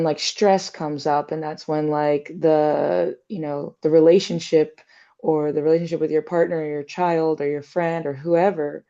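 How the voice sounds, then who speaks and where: A woman's voice: low-pitched, dark tone, highs cut off. A woman in casual reflective conversation, thinking aloud with many fillers and little acted-out quotes.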